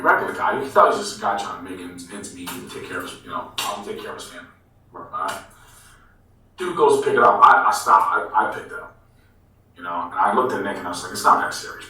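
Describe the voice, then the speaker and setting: A man telling a story in a casual interview, animated and swearing freely, calling people bro. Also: lowish voice. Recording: echoey room, mic far off.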